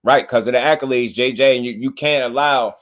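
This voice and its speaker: A man hosting a live boxing talk stream, speaking in an animated, slangy, repetitive way to his chat. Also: mid-range voice, brisk. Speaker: boxing talk show host.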